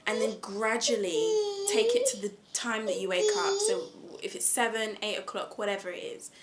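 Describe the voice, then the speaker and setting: A woman speaking at home in a casual self-help talk, gentle and earnest, often restarting her sentences. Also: on the high side, big pitch swings, moderate pace, heavy background noise. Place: at home with a small child nearby.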